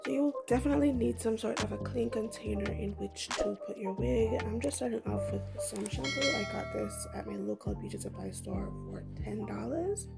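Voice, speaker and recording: Female vlogger, casual slangy voiceover, gravelly morning voice, music underneath. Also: on the high side, sing-song, moderate pace, hardly any pauses. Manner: chatty, slangy, playful. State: groggy morning voice. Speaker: beauty vlogger.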